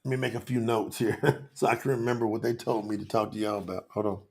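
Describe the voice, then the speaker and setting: Gravelly, fired-up man hosting a livestream. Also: lowish voice, fast. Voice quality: passionate and excitable, calls out viewers by name. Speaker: livestream host. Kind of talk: lively livestream talk to chat viewers.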